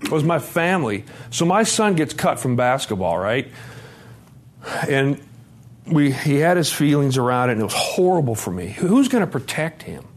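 A man's voice: mid-range voice, sing-song, normal speed. Blunt middle-aged man sharing his story. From Montana, USA. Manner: candid storytelling, blunt with profanity, acts out dialogue. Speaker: recovery conference speaker. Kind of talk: personal testimony talk.

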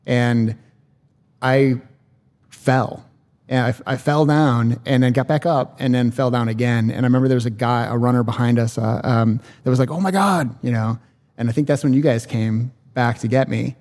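A man talking in a halting, hesitant way in casual conversation, with many fillers. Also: medium pitch, flat delivery, darkish tone. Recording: room with long reverb.

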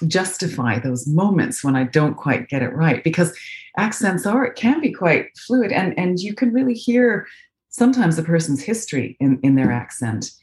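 A woman's voice: on the low side, a little mellow. A Canadian woman with a North American accent, chatting as a voice actress guest over a video call, thoughtful, with many fillers and restarts. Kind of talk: casual interview chat. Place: home, remote video call.

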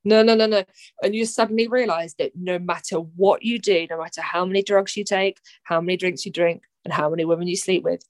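Animated young woman, dry sound. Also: on the low side, a little fast, no room sound, poor audio. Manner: animated, swearing freely, frequent fillers. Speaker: podcast guest, poet. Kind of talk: candid conversational chat.

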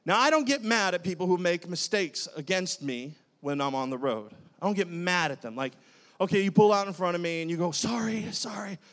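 A male pastor preaching and telling a story in an animated, dramatic way. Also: high-pitched, brisk. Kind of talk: sermon with personal storytelling.

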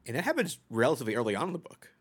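A man in a casual comic book review chat, giving relaxed and reflective opinions. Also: medium pitch, rapid-fire, husky.

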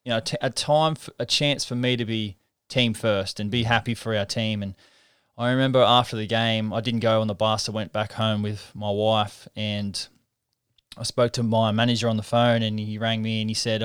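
A man tells his story in a reflective, earnest way. His voice is smooth and resonant, recorded close and dry. He stops and restarts often while he talks in a casual interview. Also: lowish voice, flat delivery, moderate pace, a bit bright, no room sound. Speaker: interview guest, professional rugby league halfback.

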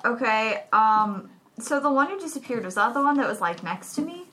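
A woman's voice: a little high, animated, normal speed, pushed and bright. A woman playing a tabletop game, hesitant and checking the rules as she takes her turn. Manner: unsure, asking about the rules. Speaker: player. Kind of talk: casual tabletop game play.

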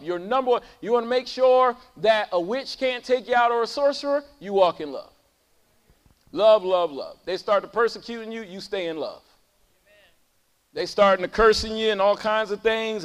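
Man, pastor, sermon, call-and-response, very high pitch, hall reverb. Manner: call-and-response preaching, swings from loud high calls to low talk. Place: church sanctuary.

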